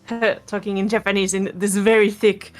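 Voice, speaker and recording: A woman's voice: mid-range voice, little pitch movement, moderate pace, soft background music. A woman chatting casually as a guest in an online board game, laughing between words and restarting her sentences, on a home microphone over a video call. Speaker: guest player. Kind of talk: casual chat while playing online.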